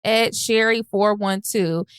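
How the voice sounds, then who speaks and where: A woman's voice: mid-range voice, fairly even intonation, slow, smooth, no room sound, clean studio sound. Sassy woman podcast co-host. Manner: joking, sassy, laughing. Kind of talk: casual chat reading listener comments.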